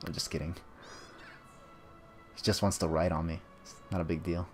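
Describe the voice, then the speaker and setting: A man with a low voice chats casually while playing a video game. He rambles offhandedly and drops joking asides as he goes. Faint game music runs quietly beneath his talk. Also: little pitch movement, normal speed, long pauses. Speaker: gameplay commentator. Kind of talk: casual let's-play commentary.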